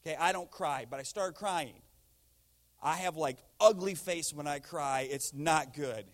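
A man preaching a sermon, animated, swinging between loud rising lines and hushed intense ones. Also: sits high. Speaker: pastor.

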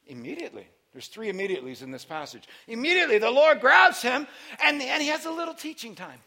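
A man preaching a sermon, telling a story with lively buildups into shouting. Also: extremely high pitch, fast, gravelly, hardly any pauses.

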